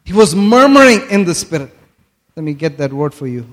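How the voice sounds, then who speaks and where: A man preaching a sermon, reading scripture aloud and explaining it, building to emphatic phrases and making quick asides as he checks his notes. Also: fairly high pitch, big pitch swings. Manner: slow, rising to emphatic bursts on key phrases; asides while looking up words in his notes.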